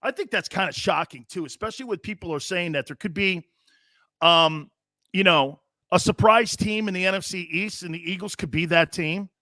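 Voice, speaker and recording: A man's voice: high-pitched, moderate pace, bright, forceful tone, no echo. A man hosting a sports talk show, brash and joking, laughing often as he reads viewer comments.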